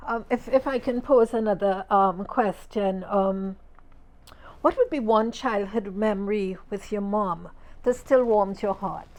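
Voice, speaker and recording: Middle-aged woman, mid-pitched, measured and thoughtful, podcast host. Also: darkish tone. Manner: measured, thoughtful, many ums. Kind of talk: casual chat.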